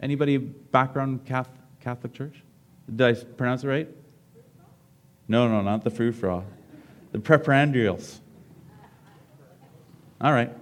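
A man's voice: mid-range voice, measured pace, pauses often. A middle-aged male pastor giving a sermon, reading a story aloud with drama and asking the congregation questions.

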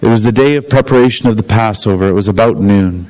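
A man reading a Bible passage aloud, steady and clear. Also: fairly low pitch, quick pace, rough recording. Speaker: scripture reader.

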